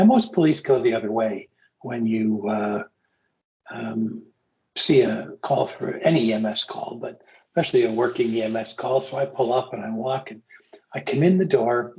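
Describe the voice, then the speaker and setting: A man's voice: mid-range voice, normal speed, vocal fry, a little mellow, poor audio. A man teaching EMS providers in a casual, candid lecture that mixes stories with plain talk. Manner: candid, storytelling, casual asides. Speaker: EMS continuing education instructor.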